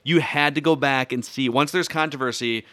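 A man chatting casually as a podcast guest, joking and telling animated stories. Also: mid-range voice, moderate pace, no echo. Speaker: podcast guest, sports media personality. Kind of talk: casual chat.

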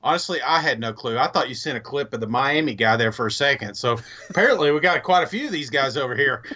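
Lively, bright-voiced laughing man. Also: mid-range voice, fairly quick. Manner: playful, laughing, animated. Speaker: podcast co-host. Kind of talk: casual sports podcast chat.

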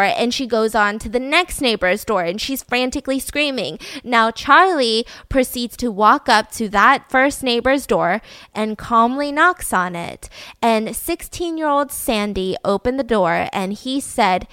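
Female podcast host, casual crime storyteller, slightly high voice, dry recording. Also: unhurried, smooth, no room sound. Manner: animated, swearing, frequent fillers and "right?" check-ins.

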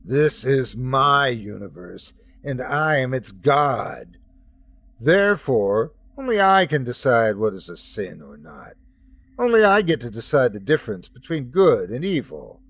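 Man voicing God, domineering, jealous, mocking, slow delivery, swooping pitch. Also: sing-song, a bit bright, no room sound, heavily acted. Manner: scornful, mocking rants.

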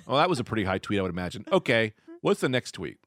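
A man in his thirties chats on a podcast, telling stories in an animated way that breaks into laughter and swearing. His pitch rises and falls a lot as he talks. The sound is dry and close, with no room echo. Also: fast. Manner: animated, laughing storyteller who swears freely. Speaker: podcast host. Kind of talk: casual chat.

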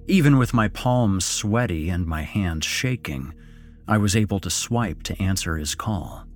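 A man's voice: deep voice, expressive, unhurried, faint music behind. A man narrating a first-person horror story in a shaken, subdued way.

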